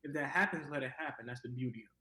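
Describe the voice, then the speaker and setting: A young actor from Cleveland talking casually in an interview, rambling with lots of fillers. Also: male voice, medium pitch, racing, sharp tone, reverberant, rough recording. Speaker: actor guest.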